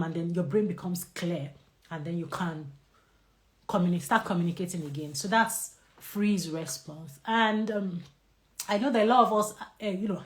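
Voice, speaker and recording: A woman doctor with a Nigerian English accent giving a lively live talk on stress and answering viewer questions. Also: on the low side.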